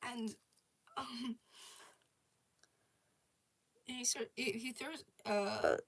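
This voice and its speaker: A woman's voice: fairly high pitch, fairly even intonation, slow, creaky, husky. A young woman casually rambling about her original characters, with many fillers, restarts and giggles. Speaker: storyteller.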